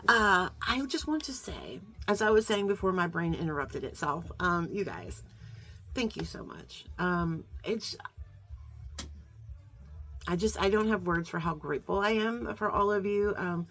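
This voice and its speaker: Rambling, lower-pitched woman vlogger. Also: lively intonation, unhurried. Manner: rambling, warm, many fillers and restarts. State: slightly emotional. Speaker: beauty vlogger. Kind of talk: casual heartfelt chat to viewers.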